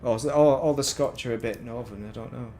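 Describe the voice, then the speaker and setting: A man's voice: medium pitch, quick pace, warm tone, slight background noise. A man with a Northern English accent, chatting casually while commentating his gameplay stream and wandering into rambling, self-mocking asides. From Northern England. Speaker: gaming streamer.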